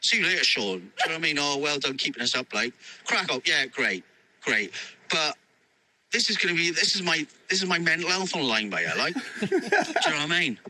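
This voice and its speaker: A man's voice: fairly high pitch, big pitch swings, brisk, pushed and bright, a little hiss or hum, low-quality recording. A man ranting about his football team in a voice message, rambling, swearing and laughing. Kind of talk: ranting voice note.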